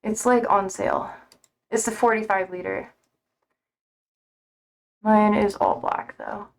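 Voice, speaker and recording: A woman's voice: mid-range voice, huge pitch swings, slow pace, vocal fry. A young woman live streaming from home, chatting casually in a rambling, easygoing way, swearing offhandedly and laughing easily.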